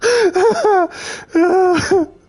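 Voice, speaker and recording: A man's voice: very high voice, extremely slow, a little mellow, faint music behind. A man chatting casually while playing a video game, joking, rambling and laughing a lot. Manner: easygoing, rambling. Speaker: gamer. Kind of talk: casual gameplay chat.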